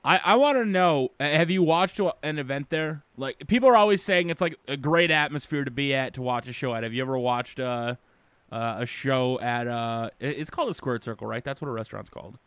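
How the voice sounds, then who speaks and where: A man's voice: mid-range voice, brisk, a bit bright, clean tone, no echo. A man hosting a casual wrestling call-in show, rambling through recaps with many fillers and frequent swearing.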